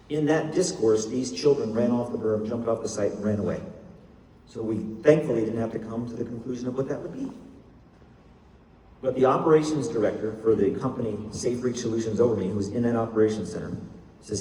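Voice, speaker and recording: In an echoey university lecture hall, an older man from the United States delivers a public talk, his fairly low, dark voice measured and emphatic as he tells stories with pauses. The mic is far off, with slight background noise.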